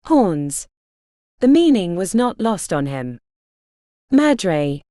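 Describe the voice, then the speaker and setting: Woman reading a fantasy audiobook, super animated pitch, dry close recording. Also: slow, dry recording. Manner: expressive storytelling. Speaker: audiobook narrator. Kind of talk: scripted fantasy narration.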